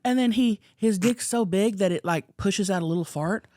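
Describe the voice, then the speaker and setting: Woman on a comedy podcast, raunchy and animated, dry close mic. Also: mid-range voice, moderate pace, dry recording. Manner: bawdy, animated storytelling with stammered restarts. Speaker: podcast co-host. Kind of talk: casual comedy podcast chat.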